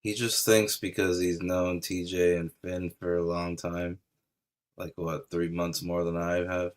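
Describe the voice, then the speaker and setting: A man's voice: low-pitched, little pitch movement, measured pace. A man ranting casually in a taunting, mocking way about an online feud. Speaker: stream commentator. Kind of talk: casual rant.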